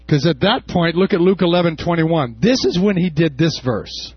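A man preaching a sermon, impassioned, with shouted peaks and casual asides. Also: on the high side, expressive, normal speed, husky, no room sound. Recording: dull lo-fi sound.

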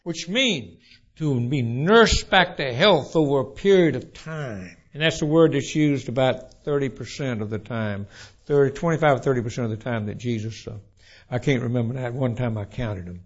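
A man preaching a sermon, telling stories in a folksy, animated way. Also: mid-range voice, moderate pace, slightly rough, lo-fi sound. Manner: folksy, animated storytelling with restarts.

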